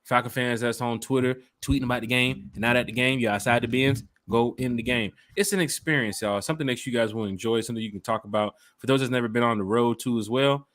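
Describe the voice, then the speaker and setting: A man hosts a relaxed fan podcast at a middling pitch. He keeps it loose and upbeat, with plenty of slang, and speaks right to his listeners. The sound is close and dry, with no room echo. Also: fast, few pauses. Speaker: podcast host and fan club organizer. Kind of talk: casual chat.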